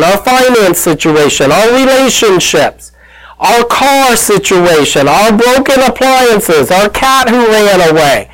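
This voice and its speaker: A man delivers a sermon in a high, lifted voice. He takes his time, retelling the story and voicing its characters along the way. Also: low-quality recording. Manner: storytelling, acts out quoted voices, calls out to listeners. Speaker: pastor.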